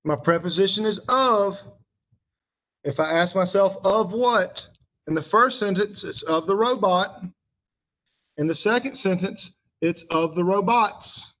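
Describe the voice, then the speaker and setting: A male teacher, patiently walking a class through a grammar lesson and pausing for their answers. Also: sits high, a bit bright, muffled recording. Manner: patient, asks the class questions and pauses for answers.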